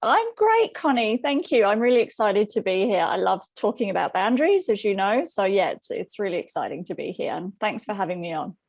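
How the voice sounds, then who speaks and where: A woman's voice: mid-range voice, expressive, a little fast, few pauses, a little mellow, no echo. A woman guest on a podcast, talking eagerly about her subject. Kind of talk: podcast interview.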